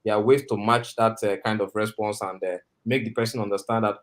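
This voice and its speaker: A man's voice: fairly low pitch, steady tone, brisk, few pauses. A man teaching interview skills on a video call, talking in a rambling way with many fillers and frequent requests for agreement. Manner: rambling, filler-heavy, often asks for agreement. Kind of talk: instructional talk on a video call. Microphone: video call microphone.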